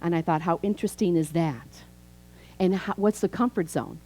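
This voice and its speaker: A minister from Chicago, this woman in her fifties speaks at normal speed in a lowish, slightly mellow voice. Her sermon is chatty and conversational, with storytelling and acted dialogue, heard on a rough recording.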